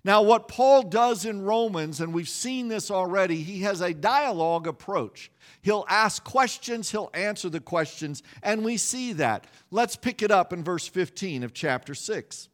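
A middle-aged man preaching a sermon with a voice pitched on the high side. He tells his story with lively pacing and self-mocking humor. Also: unhurried. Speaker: pastor.

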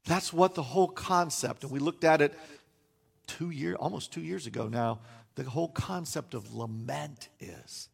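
A man's voice: fairly high pitch, moderate pace, gravelly, husky. A man preaching a sermon as a pastor, earnest and emphatic, with wry self-deprecating asides.

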